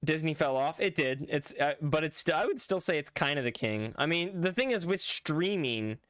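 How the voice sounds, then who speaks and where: A man's voice: on the high side, lively intonation, normal speed, fairly bright tone, no room sound, studio quality. A man live-streaming a game in casual chat, rambling and correcting himself as he answers his chat. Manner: rambling, self-correcting, talks back to chat.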